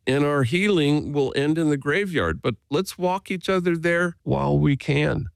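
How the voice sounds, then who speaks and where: A man, a priest being interviewed, speaking earnestly and gently as he tells stories. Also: a little high, moderate pace, gravelly, no room sound. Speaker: Jesuit priest, guest. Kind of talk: reflective conversational storytelling.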